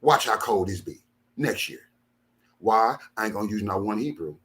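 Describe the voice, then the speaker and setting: Emphatic low-voiced man repeating himself. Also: expressive, normal speed. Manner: emphatic, repeats phrases, swings from low and quiet to loud bursts. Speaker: minister. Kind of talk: impassioned talk to followers.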